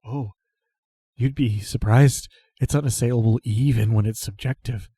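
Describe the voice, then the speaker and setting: A man narrating a tabletop role-playing game as game master, quietly voicing the characters in an unhurried way. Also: mid-range voice, fairly even intonation, breathy edge, no echo.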